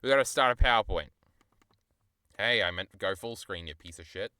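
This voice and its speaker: A man's voice: lowish voice, a little fast, pushed and bright, smooth, no room sound, studio quality. A young man streamer rambling in a casual, profane, self-deprecating way while he chats to his viewers.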